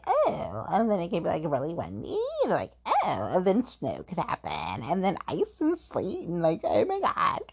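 A woman with a fairly low, creaky and slightly rough voice chats casually and rambles, using "like" over and over. She pokes fun at herself in a playful way for being petty.

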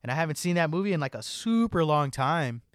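A man's voice: on the high side, big pitch swings, brisk, no echo. Young man, casual chat, laid-back, swears a lot, says like constantly, dry close mic.

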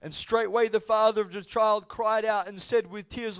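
High-voiced man preaching an impassioned sermon. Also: steady tone, moderate pace, few pauses, clean tone. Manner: impassioned, swinging from quiet to loud.

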